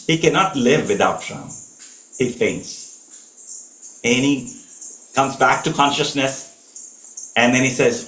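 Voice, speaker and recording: A man's voice: mid-range voice, a bit bright. A man telling a scripture story at a home gathering, earnest and often restarting his phrases. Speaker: spiritual storyteller. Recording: echoey room.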